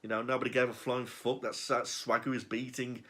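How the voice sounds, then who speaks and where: A man's voice: medium pitch, little pitch movement, fairly quick, fairly bright tone, slightly rough. Sarcastic man ranting and swearing. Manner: sarcastic, profane, exasperated. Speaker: wrestling show reviewer. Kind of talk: ranting review.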